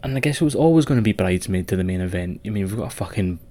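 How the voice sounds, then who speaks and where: Animated and racing along in a low, warm voice, this Scottish co-host of a wrestling podcast chats casually with a friend. His talk is sweary and rambling, punctuated by plenty of laughter.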